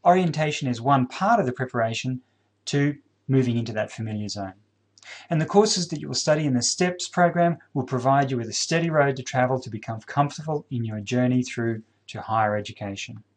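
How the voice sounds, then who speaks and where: A middle-aged man giving a scripted welcome address to new students as head of the program, earnest and encouraging, stressing key words deliberately. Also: mid-range voice.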